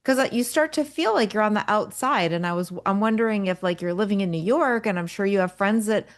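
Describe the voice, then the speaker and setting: Woman host asking a rambling question. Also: mid-range voice. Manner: halting, restarts and "like" fillers while framing questions. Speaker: podcast host. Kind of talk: casual interview chat.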